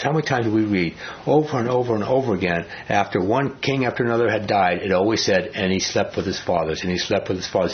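A man leading an informal Bible study, talking conversationally and often asking the class questions. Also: on the low side. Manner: conversational, asks the class questions, many fillers. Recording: dull lo-fi recording.

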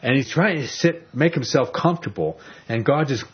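Husky man teaching a Bible passage. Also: mid-range voice, moderate pace. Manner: animated storytelling, repeats words. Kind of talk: casual sermon. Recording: dull lo-fi recording.

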